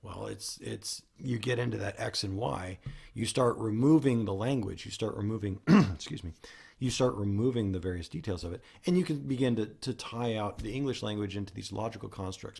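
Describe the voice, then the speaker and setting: A man's voice: fairly low pitch, creaky, a little mellow, breathy edge. A man hosting a solo podcast, explaining ideas in a rambling way, often restarting and correcting himself mid-sentence. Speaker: podcast host.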